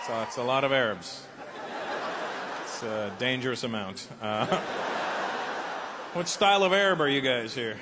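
A man's voice: medium pitch, unhurried, pauses often. A man doing a brash, profane stand-up set, working the crowd on a live stage with a handheld mic. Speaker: stand-up comedian. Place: comedy stage before a live audience. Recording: live show with loud crowd and noise.

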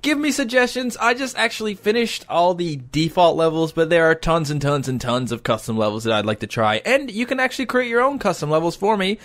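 A man's voice: fairly high pitch, brisk, few pauses. Playful man cheering on a game. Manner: playful, joking, excitable cheering. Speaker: gaming commentator. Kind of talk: let's play commentary.

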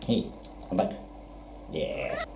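A man with a Spanish accent giving casual, excitable gameplay commentary, laughing often and jumping high in pitch when alarmed. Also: very slow, background noise. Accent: Spanish-accented English. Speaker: gameplay streamer. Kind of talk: casual let's-play commentary. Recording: roomy echo with game music behind.

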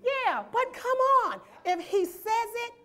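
A woman's voice: very high-pitched, sing-song, takes it slowly, fairly bright tone. A woman preaching a sermon in a church, reading scripture verse by verse and asking the congregation rhetorical questions and "amen?". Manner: rhetorical questions and call-and-response, asks "amen?"; reads scripture aloud and explains it verse by verse.

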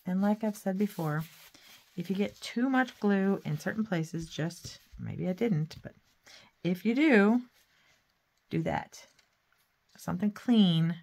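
A woman's voice: mid-range voice, animated, slow, creaky, long pauses, a little mellow. A woman hosting a craft video, chatting casually while she works, humming nonsense sounds and using folksy sayings. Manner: chatty, talks to herself while working, hums and sings nonsense sounds. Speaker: craft channel host. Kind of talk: casual craft tutorial chat.

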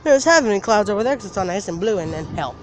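A man casually telling a story for his vlog outdoors, animated and laughing, swearing now and then. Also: sits high, rapid-fire. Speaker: vlogger. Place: outdoors, walking in the open. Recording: outdoor noise from traffic.

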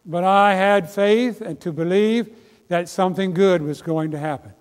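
A man's voice: high-pitched, normal speed. An older man, preaching a sermon as a pastor, telling folksy stories and building to emphatic exhortation. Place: church sanctuary. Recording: long hall reverb.

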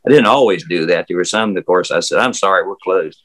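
Over a rough remote video call, an older Southern US man who once guided tours of a historic house tells stories in a casual interview. His voice is low, fairly quick and fairly bright, and his folksy rambling is full of fillers and restarts.

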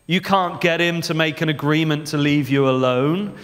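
A man's voice: a little high, moderate pace, a bit bright. A male preacher giving a sermon in a conversational way, often putting rhetorical questions to the congregation. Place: church. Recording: long church reverb.

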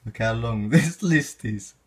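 A man's voice: mid-range voice, expressive, a little slow. A young man, joking and bantering as he reacts to hate comments in a casual comedy vlog. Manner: cheeky, joking, slangy banter. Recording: echoey room with faint music.

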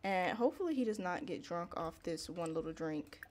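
A woman hosting a Let's Play, chatting excitably to viewers in casual gameplay commentary. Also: fairly low pitch, brisk.

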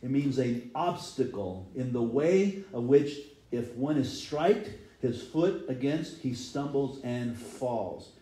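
Male pastor preaching, conversational, mellow tone, echoey church sound. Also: mid-range voice, expressive, slow, few pauses. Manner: conversational, acts out quotes in voices. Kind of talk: sermon.

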